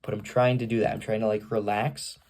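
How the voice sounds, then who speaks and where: A young man with vocal fry, rambling self-consciously with lots of fillers as he records a casual home video, reading aloud for his family on the camera's built-in mic. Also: fairly low pitch, little pitch movement, brisk, darkish tone. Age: young adult. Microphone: camera's built-in mic, no external microphone.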